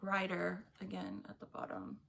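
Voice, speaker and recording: A woman's voice: on the low side, big pitch swings, normal speed, creaky, fairly bright tone. A woman doing a casual tarot reading, chatty and blunt, often laughing as she talks. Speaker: tarot reader.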